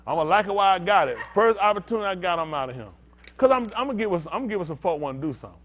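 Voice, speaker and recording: Animated preaching man, lively pitch. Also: very fast. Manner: animated, conversational, swings from loud to quiet. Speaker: pastor. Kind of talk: informal preaching to a congregation.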